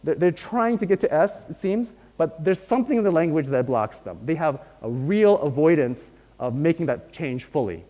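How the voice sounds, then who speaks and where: A man's voice: a little high, lively intonation, normal speed, dark tone. Lecturing man in a reverberant hall. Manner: explanatory, checks in with "right?" often. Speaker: university lecturer. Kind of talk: academic lecture.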